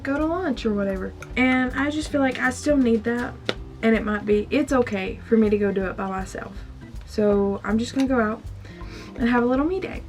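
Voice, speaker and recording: A young woman in her twenties talking casually to camera in a personal vlog, confiding and emotional. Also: mid-range voice. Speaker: vlogger. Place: store aisle, indoors. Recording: faint background music.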